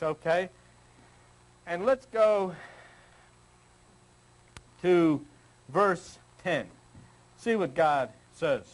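A man's voice: sits high, fairly bright tone, rough recording. An older man giving an informal, teasing sermon to a small group, acting out people's prayers in a folksy way. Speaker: spiritual teacher.

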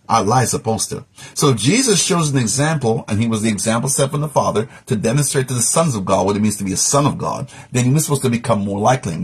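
Husky guy teaching bible study, pitch swings way up and down, leans hard on key words. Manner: emphatic, repeats key words, asks rhetorical questions.

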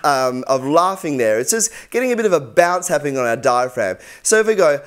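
A man's voice: on the high side, animated, a little fast, few pauses. A young man teaching singing in an easygoing, encouraging way. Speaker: vocal coach. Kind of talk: instructional tutorial.

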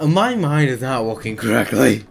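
A man's voice: medium pitch, creaky. A man giving casual gameplay commentary, tired and grumbling, swearing often as he talks to himself. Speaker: gaming YouTuber.

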